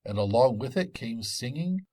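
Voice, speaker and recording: A man narrating a folk tale in an expressive storytelling manner. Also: mid-range voice, moderate pace. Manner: expressive and lively.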